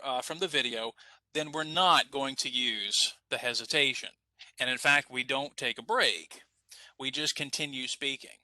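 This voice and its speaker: Male ESL teacher, upbeat coach, bright animated voice, dry close mic. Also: on the high side, no echo, low-quality recording. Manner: upbeat, coaching students to repeat. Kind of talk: online class instruction.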